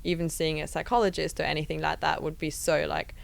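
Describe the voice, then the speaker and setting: A woman's voice: deep voice, level tone, quick pace, gravelly. A woman from Germany, a fitness coach, talking casually and reflectively on a podcast.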